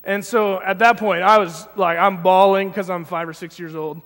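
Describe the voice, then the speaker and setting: A man's voice: high-pitched, fairly even intonation, moderate pace, a bit bright. A young man giving an informal sermon in a church, telling a personal story with many restarts. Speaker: preacher. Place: church sanctuary. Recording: long church hall reverb.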